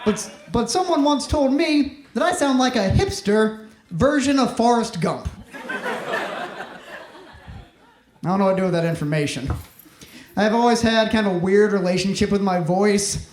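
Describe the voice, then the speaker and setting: Young guy doing standup, kinda high voice, dry deadpan jokes, echoey club. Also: moderate pace. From Mississippi, US. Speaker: stand-up comic. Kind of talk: stand-up comedy set. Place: comedy club stage. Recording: roomy club sound, faint noise.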